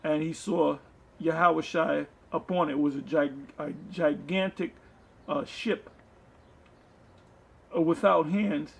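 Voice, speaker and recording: A man with a gravelly voice, pitched a little high for a man, teaches from scripture. He reads a verse aloud, then explains it in his own loose words, with plenty of "uh" and "um" along the way. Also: steady tone, slow pace, long pauses. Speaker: preacher.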